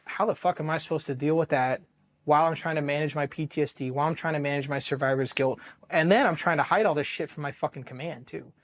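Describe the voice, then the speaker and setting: A man in his thirties with an American accent tells his own story to an interviewer. His voice sits a little high for a man. He talks bluntly, swears freely, restarts his sentences often and acts out what others said to him. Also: fast. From Ohio, United States. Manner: blunt, profane, with many restarts and quoted dialogue. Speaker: Marine veteran guest.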